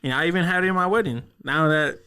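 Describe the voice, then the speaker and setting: A young man hosting a casual podcast, rambling through stories with lots of swearing and quick put-on voices for the people he quotes. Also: fairly high pitch, sharp tone, clear, resonant tone. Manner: rambling storyteller, heavy cursing, acts out voices in quotes. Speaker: podcast host.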